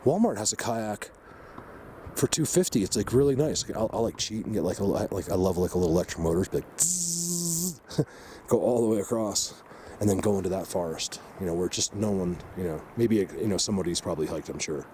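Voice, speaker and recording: A man hosting an outdoor vlog, rambling excitedly with many fillers as he walks through a mountain forest. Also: sits low, fast talker, a little hiss or hum. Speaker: vlog host exploring the outdoors. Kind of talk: casual walking vlog commentary.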